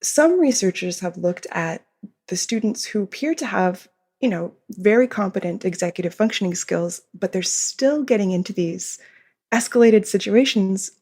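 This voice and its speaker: A woman with a gravelly, husky edge to her voice talks through ideas as a podcast guest. She explains patiently and breaks into small giggles now and then. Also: mid-range voice, expressive, normal speed, a little mellow. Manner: explanatory, giggles often while talking. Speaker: behavior consultant and author, guest. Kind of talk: podcast interview.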